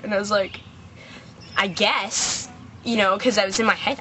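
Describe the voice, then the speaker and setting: A teenage girl vlogging outdoors, chatting to camera in a loose, rambling way. Her voice sits at a middle pitch, and she strings her story together with lots of "like." Faint background noise sits under her voice. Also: normal speed, a bit bright. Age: teens. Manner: chatty and rambling, full of "like" and "I was like". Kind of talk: casual storytelling rant.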